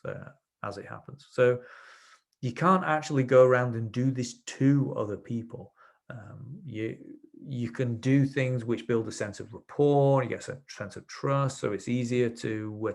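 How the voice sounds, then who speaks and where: Guy with a gravelly voice running a webinar, relaxed and chatty, telling client stories. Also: mid-range voice. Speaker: webinar presenter, NLP trainer. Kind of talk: explanatory webinar talk with anecdotes.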